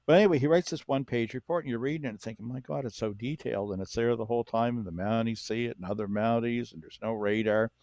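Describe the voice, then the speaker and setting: A man's voice: medium pitch, quick pace, gravelly, few pauses, dry recording. A man casually telling a long investigative anecdote, acting out the people he quotes. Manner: animated anecdote-telling, acts out quoted voices. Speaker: podcast guest, UFO researcher. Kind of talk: casual storytelling.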